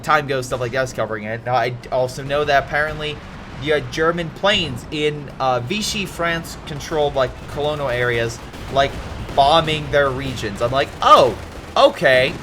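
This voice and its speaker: A man's voice: mid-range voice, a bit bright, a little hiss or hum. A man casually commentating a strategy game replay, rambling into history tangents with many fillers and restarts.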